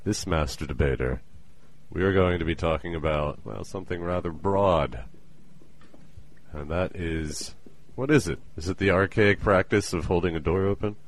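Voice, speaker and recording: A man hosting a casual podcast, playful and jokey, talking with a co-host over a call. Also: low-pitched. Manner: playful, jokey, with quick put-on voices. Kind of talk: casual chat. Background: skype call with co-host.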